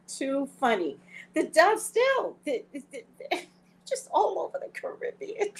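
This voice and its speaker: A woman hosts a casual spiritual talk. Her pitch swings widely as she tells stories unhurriedly. She laughs often and acts out her own thoughts. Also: very animated, slow, a little hiss or hum, rough recording. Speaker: psychic reader and show host.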